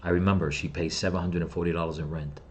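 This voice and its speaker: In a low-pitched voice with fairly even intonation, a fast-talking middle-aged man tells of his loss and then rants, bitter and profane, at the people he faults. He's the channel host delivering an angry personal vlog, and slight background noise can be heard.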